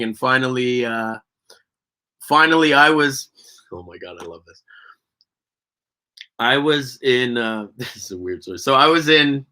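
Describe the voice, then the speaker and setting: Canadian actor guest, bright voice, lively profane anecdotes in a chat interview. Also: male voice, mid-range voice. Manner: animated, profane, laughing storyteller. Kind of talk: casual interview storytelling.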